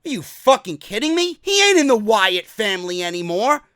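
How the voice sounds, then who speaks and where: A man hosting a wrestling commentary show, ranting angrily and profanely and often shouting. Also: high voice, very animated, fairly quick, dry recording, studio quality.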